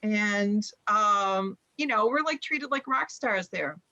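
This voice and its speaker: On a video call from a room at home with bookshelves behind her, a middle-aged American author and journalist shares a personal story in conversation. Her mid-range voice is animated and sharp-toned, and she speaks slowly, using lots of fillers and imitating the people she quotes. The audio sounds dull and lo-fi.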